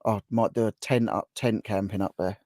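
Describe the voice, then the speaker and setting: A man's voice: on the low side, fairly even intonation, moderate pace, darkish tone, dry recording, clean studio sound. A man from England hosting a casual live stream chat, greeting viewers by name in a chatty way. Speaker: livestream host.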